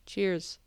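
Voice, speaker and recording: Expressive woman host reacting to a show. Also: dry recording. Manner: expressive and swearing, rambling. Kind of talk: casual emotional reaction commentary.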